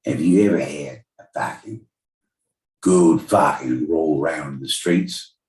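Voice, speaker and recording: A rough, heavy-drinking street brawler growls in a put-on Australian accent, as a man puts him on. His voice drops well below normal, coarse and blunt, and it rings in an echoey room. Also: a bass voice, takes it slowly, darkish tone, distant mic, pitched below the performer's own voice. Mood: gruff.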